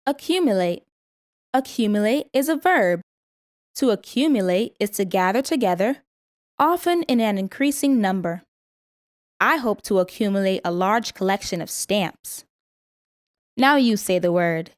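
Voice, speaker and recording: Woman, mid pitch, lesson narrator with careful pronunciation, dry studio sound. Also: expressive, no room sound. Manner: slow, careful word-by-word pronunciation. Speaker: vocabulary teacher. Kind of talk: scripted vocabulary lesson reading.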